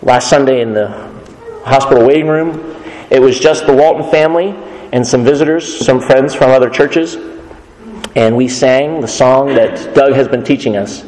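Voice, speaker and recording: A man preaching a sermon as pastor, earnest and measured, quoting scripture as he goes. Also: medium pitch, steady tone, a little mellow, echoey room, in a large hall, low-quality recording.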